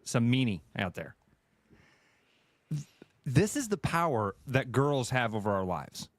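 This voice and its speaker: A man co-hosting a radio show, telling a story in an animated, playfully mock-emotional way. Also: medium pitch, slow, dry recording.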